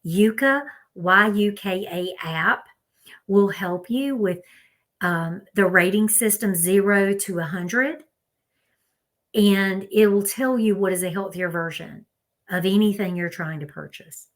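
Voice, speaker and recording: A health vlogger with a Southern US accent runs through food advice, chatting casually and directly to viewers she calls "y'all." Her voice is mid-range and a little slow.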